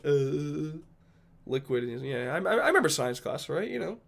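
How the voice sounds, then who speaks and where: A man from Rhode Island streaming and chatting casually with his viewers. He rambles, jokes and swears freely, in a somewhat high voice. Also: sing-song, normal speed, vocal fry, fairly bright tone. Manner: rambling, joking, profane. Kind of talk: casual livestream chat with viewers.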